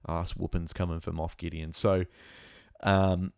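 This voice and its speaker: A young man recapping a show episode in a casual, excitable and rambling way, with lots of fillers and restarts. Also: low voice, unhurried, gravelly, clear, resonant tone, no echo, studio quality. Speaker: show reviewer.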